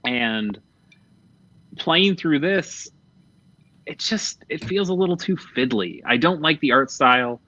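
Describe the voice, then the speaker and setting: This podcast host chats casually about video games, cursing openly and letting his thoughts trail off. He speaks slowly with frequent pauses, in a high-ish, animated voice that's bright and forceful. The recording is dull and a bit lo-fi, with a little hiss or hum.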